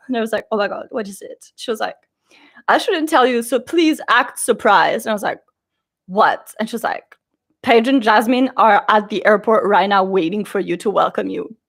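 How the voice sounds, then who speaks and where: Young female vlogger, casual and chatty, lively storyteller, slightly high pitch. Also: moderate pace, creaky. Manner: chatty, animated storytelling with quoted voices. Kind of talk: casual chat.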